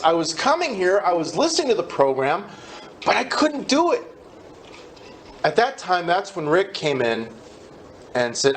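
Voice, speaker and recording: A man's voice: mid-range voice, slight background noise. A man speaking at a recovery meeting, telling his own story candidly and with self-deprecating humor, acting out what people said.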